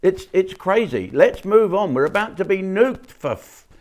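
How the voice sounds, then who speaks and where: A man's voice: high-pitched, animated, moderate pace, a little mellow. An older man, a comedian and channel host, giving a blunt, mocking monologue full of swearing and asides. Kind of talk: rambling opinionated monologue.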